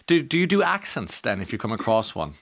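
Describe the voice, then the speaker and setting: A man's voice: medium pitch, big pitch swings, a little fast. A man hosting a radio interview, asking rambling questions with many stumbling restarts. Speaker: radio host. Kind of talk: casual interview.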